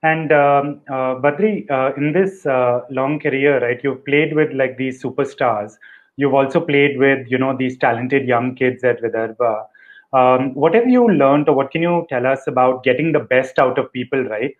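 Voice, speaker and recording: A man's voice: mid-range voice, normal speed. A man hosting a live online interview, asking questions with frequent fillers and "right?" tags. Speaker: host of a live fundraiser interview. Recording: dull lo-fi audio.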